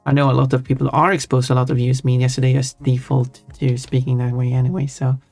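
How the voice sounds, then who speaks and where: A man's voice: medium pitch, flat delivery, quick pace, darkish tone, faint music behind. A man livestreaming while he draws, chatting casually and thinking aloud, often stopping to correct himself mid-sentence. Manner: rambling, thinking aloud with frequent self-corrections. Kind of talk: casual chat while drawing on stream.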